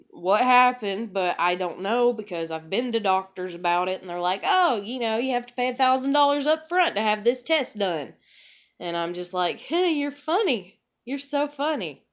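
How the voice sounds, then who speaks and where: Young woman venting on her vlog, rambly and blunt, lots of likes and you knows, swears a lot. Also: mid-range voice. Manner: rambling, candid, profane, many fillers. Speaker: vlogger. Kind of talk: casual personal monologue.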